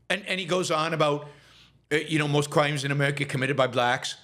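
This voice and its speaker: Guy doing a political commentary monologue, kinda high voice, lots of stammering restarts and rhetorical questions. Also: moderate pace, pushed and bright. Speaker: show host.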